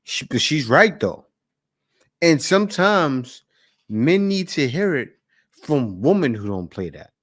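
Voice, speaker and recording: A man's voice: on the high side, very animated, slow pace, fairly bright tone, breathy edge. A man hosting a reaction video, giving blunt, preachy commentary. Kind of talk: casual commentary.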